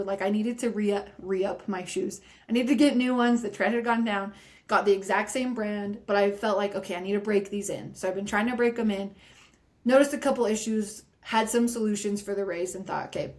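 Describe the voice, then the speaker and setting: A woman guest on a podcast, recounting her first ultramarathon in a reflective, self-deprecating way. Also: mid-range voice. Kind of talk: casual interview chat.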